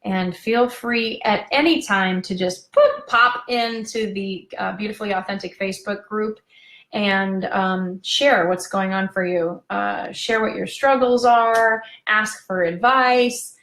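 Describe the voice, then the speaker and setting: Gushing woman with a gravelly voice. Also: medium pitch, slow pace, a bit bright, roomy sound. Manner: chatty and gushing, wanders off on tangents. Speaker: parenting coach hosting a live video talk. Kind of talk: casual live-stream chat.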